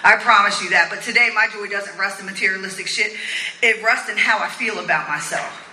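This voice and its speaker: Woman, middle-aged, recovery share, sharp forceful voice, cussing and laughing, roomy echo. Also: medium pitch, fairly quick. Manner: blunt, profane and laughing. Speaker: recovery meeting speaker. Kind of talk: testimony at a recovery meeting. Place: meeting room with an audience. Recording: roomy echo of a meeting room.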